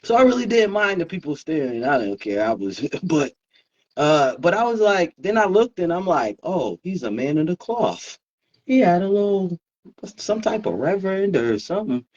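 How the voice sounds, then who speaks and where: A man's voice: high voice, normal speed, highs cut off. Laid-back man telling a story. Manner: relaxed storytelling, laughs often, many fillers. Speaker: co-host. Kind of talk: casual chat.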